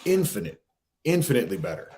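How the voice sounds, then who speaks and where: Lowish-voiced man in animated casual chat. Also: fast talker. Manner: animated retelling, many fillers. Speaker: podcast co-host.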